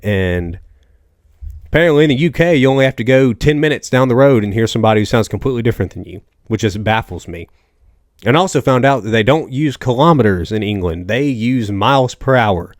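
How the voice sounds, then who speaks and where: A man's voice: mid-range voice, lively intonation, a little fast, no room sound, clean studio sound. A young man from the American South hosting a casual solo podcast, rambling and joking through stories with lots of asides. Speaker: podcast host.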